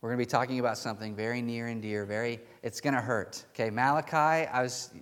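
Speaking fast in a steady, fairly bright tone at medium pitch, a male pastor delivers a conversational sermon. He tells a story with restarts and chuckles, and the pews and long hall reverb mark the church sanctuary setting.

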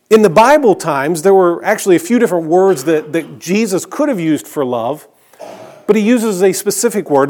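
Pastor, male, fairly high voice, earnest sermon delivery with slow hushed emphasis and quick restarts. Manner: earnest preaching, slows and drops to a hush for emphasis.

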